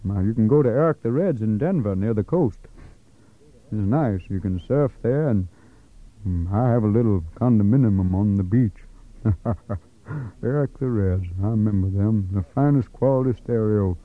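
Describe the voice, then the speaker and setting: A man voicing a forgetful old wino who rambles, raising his voice high, on tinny lo-fi tape. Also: normal speed, close to an everyday voice. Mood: rambling. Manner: rambling, wandering and confused.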